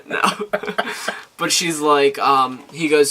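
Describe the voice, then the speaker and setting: A young man with a bright, forceful voice recaps TV episodes in casual chat. He jumps into the characters' lines as he goes. His voice sits a little above the usual pitch for a man. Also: slow pace, a little hiss or hum. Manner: animated, acts out characters' lines while retelling. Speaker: co-host.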